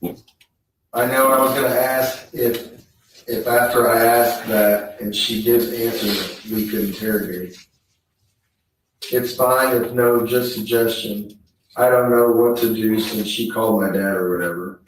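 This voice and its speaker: A man testifying in court, reading text messages aloud in a flat, halting way. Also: mid-range voice, a little hiss or hum. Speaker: trial witness reading messages. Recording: echoey courtroom audio from far off.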